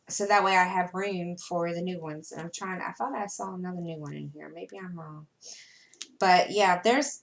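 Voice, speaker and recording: Chatty Southern American woman crafter. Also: lowish voice. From United States. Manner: rambling, chatty, often trailing off with fillers. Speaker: cross-stitch vlogger. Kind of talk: casual chat while sorting floss.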